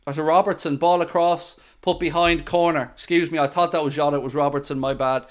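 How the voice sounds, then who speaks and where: Young man, fairly high voice, calls a match live for his stream and chats with viewers, excitable. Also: a little fast. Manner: excitable, bursts into loud groans at near misses, chatty asides to viewers. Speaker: football watchalong streamer. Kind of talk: live match commentary with chat.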